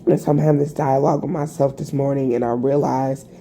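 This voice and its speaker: A tired woman vlogging a rambling, halting personal reflection, full of fillers and restarts. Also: very deep voice, steady tone, mellow. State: tired, yawning. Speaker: spiritual vlogger.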